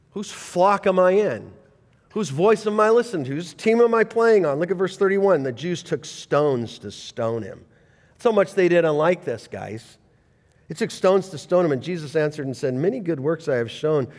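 A man preaching a sermon as pastor, reading scripture and swinging between loud bursts and quiet intensity. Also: a little high, big-room sound. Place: church sanctuary.

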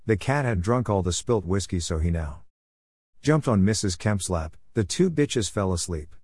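A man reading a story aloud in a steady, wry narrating manner. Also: sits low, normal speed, breathy edge, no room sound, clean studio sound.

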